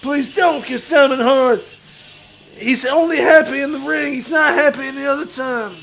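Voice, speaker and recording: A man playing a crude, boastful washed-up pro wrestler who talks about himself in the third person and shouts his lines. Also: very high-pitched, normal speed, soft background music, exaggerated voice. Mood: swaggering bravado. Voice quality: gravelly, shouty bravado. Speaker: streamer in character. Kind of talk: improvised comedy stream.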